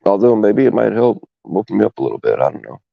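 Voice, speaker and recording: A man's voice: fairly low pitch, very animated, fast talker, vocal fry, no room sound. A man hosting a casual stream, rambling and hesitant with many fillers. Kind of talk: casual live stream chat. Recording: dull, lo-fi stream audio.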